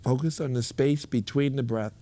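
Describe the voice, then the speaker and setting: A man guiding a group through a meditation, speaking in a relaxed, instructive way and repeating his phrases. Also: mid-range voice, moderate pace. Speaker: meditation teacher. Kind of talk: guided meditation with a live group.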